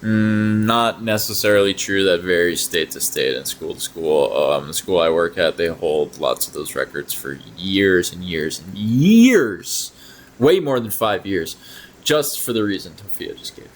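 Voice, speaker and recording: A man's voice: deep voice, animated, measured pace, a little hiss or hum, poor audio. A man hosting a reaction video, talking casually in a blunt, sarcastic way and swearing often.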